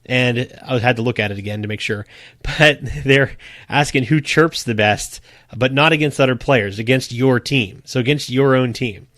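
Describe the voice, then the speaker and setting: A man talks through a sports podcast in a relaxed, chatty way, laughing often as he recounts stories. His voice sits at an ordinary middle pitch. The sound is dry and close, with little room to it. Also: moderate pace, no echo. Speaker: podcast co-host. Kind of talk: casual sports podcast chat.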